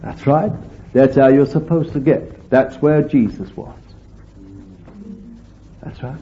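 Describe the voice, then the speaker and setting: A man preaching a fervent sermon, swinging between loud exclamations and quiet asides. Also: mid-range voice, steady tone, slow, a little hiss or hum. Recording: dull lo-fi recording.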